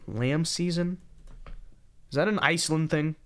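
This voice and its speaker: A man's voice: fairly high pitch, unhurried. A young man hosting a podcast livestream, chatting casually and reading viewer messages with joking, sarcastic asides, tired but talkative. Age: young adult. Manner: joking, sarcastic, repeats catchphrases. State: fatigued. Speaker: podcast host. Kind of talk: casual livestream chat reading super chats.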